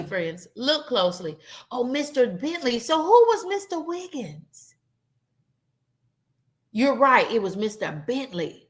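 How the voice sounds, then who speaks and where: With a high-sitting, fairly bright voice, an adult woman (21+) hosts a casual game night stream. She reads what viewers answered and chats with them, calling them "y'all."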